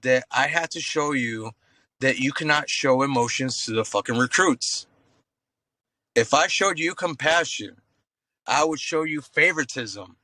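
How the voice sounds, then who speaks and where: A man in his thirties with a bright, forceful voice, swapping stories on a podcast. He talks in a slangy, profane, animated way and throws in "bro" constantly. The sound is close and dry. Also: medium pitch, unhurried, no room sound, low-quality recording. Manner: animated storyteller acting out voices. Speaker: guest, active-duty Marine staff sergeant. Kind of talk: casual podcast storytelling.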